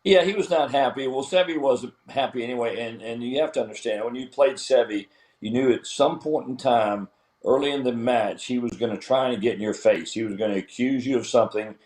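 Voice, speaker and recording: A man's voice: medium pitch, a little fast, darkish tone. Blunt older man in an echoey room. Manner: blunt, plainspoken storyteller. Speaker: guest, retired golf pro. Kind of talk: casual interview.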